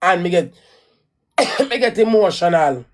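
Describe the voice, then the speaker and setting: A woman's voice: fairly low pitch, lively intonation, measured pace. Jamaican woman ranting on her vlog, blunt, swears a lot, keeps repeating herself. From Caribbean. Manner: rambling and repetitive, restarts and repeats phrases. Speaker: vlogger. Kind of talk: casual storytelling rant.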